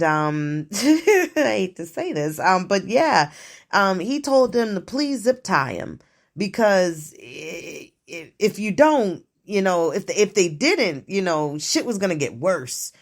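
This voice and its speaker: Woman host, solo casual rant, unhurried delivery with big swings in pitch, blunt and swearing freely. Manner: profane, blunt and animated, laughing often. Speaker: host of her own show. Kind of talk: casual monologue on current events.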